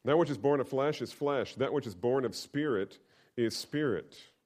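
A middle-aged man preaching a sermon. He repeats key lines for emphasis and swings between loud and hushed. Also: mid-range voice, normal speed. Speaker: pastor.

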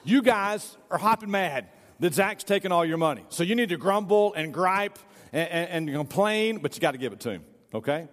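Preacher guy, kinda high voice, joking around with volunteers, long church reverb. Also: lively intonation, normal speed, fairly bright tone. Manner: playful, jokey, hurries volunteers along. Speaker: pastor. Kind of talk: sermon with a staged reenactment. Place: church sanctuary.

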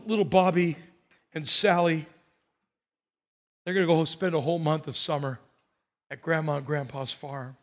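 A male pastor preaching a sermon, telling a story with animated delivery and a straining voice. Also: fairly high pitch. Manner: animated storytelling, voicing characters.

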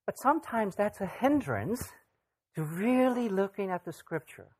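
Halting Bible study teacher with many fillers. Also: mid-range voice, lively intonation, husky. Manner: halting, many fillers, keeps checking in with "okay?". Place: church gathering.

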